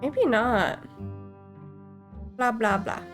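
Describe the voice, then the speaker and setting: Woman gamer chatting slow while she plays, kinda high voice, faint game music behind. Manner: chatty, thinks aloud, jokey. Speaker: gaming channel host. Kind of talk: casual game commentary.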